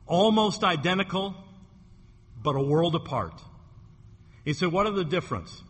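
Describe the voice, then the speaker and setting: A male pastor preaches with emphatic weight, drawing out key phrases. His voice is bright and strained, a little husky as he is losing it, and it rings in a long church reverb. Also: sits high, animated, normal speed. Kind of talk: sermon. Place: church sanctuary.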